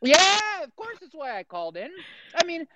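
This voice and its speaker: A man's voice: very high-pitched, huge pitch swings, moderate pace, crowd noise. A man calling in while eating dinner, ranting in an agitated way. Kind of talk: casual call-in rant. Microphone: remote call audio. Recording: dull lo-fi call audio.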